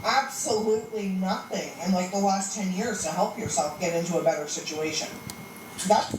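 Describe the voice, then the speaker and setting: A woman lectures in a scolding tone, set back from the mic in an echoey room. Clear noise runs under her voice. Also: on the low side, normal speed. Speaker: critic in a played video. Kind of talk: lecturing commentary video. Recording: roomy, distant, noisy playback.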